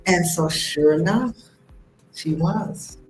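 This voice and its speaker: A woman hosting a live stream, telling a personal story in a lively way and acting out the voices of the people in it. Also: fairly low pitch, slow pace. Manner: animated, acts out the voices in her story. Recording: echoey room with faint music behind.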